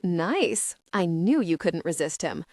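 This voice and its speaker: A woman's voice: fairly low pitch, sing-song, slow pace, a little mellow, no room sound, studio quality, exaggerated voice. A woman voicing a playful male baseball teammate in an audiobook, speaking in a wry, teasing way.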